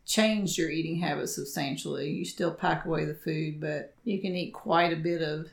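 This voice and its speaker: A woman's voice: deep voice, steady tone, normal speed, vocal fry, reverberant. A woman co-hosting a running podcast, chatting and teasing, often laughing. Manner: giggly, teasing. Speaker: podcast co-host. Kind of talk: casual chat.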